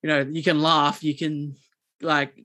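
A man, co-hosting a podcast and telling a story in a rambling, animated way with many restarts. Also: fairly high pitch, measured pace. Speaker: podcast co-host. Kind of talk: casual chat, storytelling.

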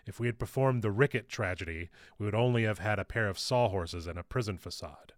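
A courteous old troupe leader, played by a man reading the story, speaks with a deep, practised theatrical voice. His tone is florid and calm, pitched low. The sound is close and dry. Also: fairly quick, dry recording, lightly acted. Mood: courtly. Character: calm white-haired old male stage player.

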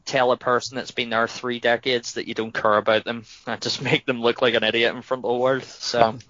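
Male podcast co-host, animated and laughing, dry dull sound. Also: medium pitch, fairly quick, dry recording. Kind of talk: casual wrestling podcast chat.

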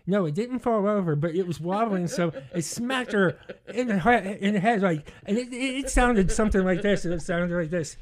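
A man telling a rowdy story in casual podcast chat, animated and often laughing through his own words. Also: sits high, normal speed, crowd noise.

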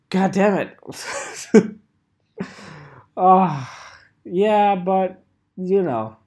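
A man's voice: sits high, animated, very slow, long pauses, a little mellow. A man in his twenties hosting a solo podcast, rambling in a joking, self-mocking way with fillers and swearing. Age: 20s. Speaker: podcast host.

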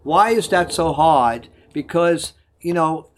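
Older man, slightly high voice. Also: lively intonation, slow pace, slight background noise. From Germany. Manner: discursive, advice-giving, frequent self-corrections. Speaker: guest. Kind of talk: conversational interview.

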